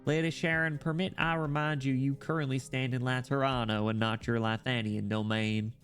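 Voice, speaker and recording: A man voicing a calm, formal church legate who lays down the rule of law in measured tones. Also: medium pitch, soft background music, lightly acted. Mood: stern.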